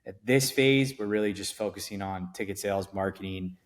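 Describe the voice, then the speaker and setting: The voice sits low and moves briskly: a middle-aged event company founder, guesting on a podcast. It's a casual interview chat, and he rambles with restarts and fillers.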